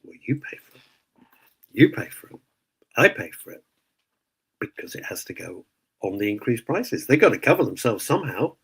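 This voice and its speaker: A man's voice: medium pitch, sing-song, normal speed, vocal fry, long pauses, fairly bright tone, slightly rough, poor audio. A man hosting a radio show, ranting indignantly in casual opinionated chat. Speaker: radio host.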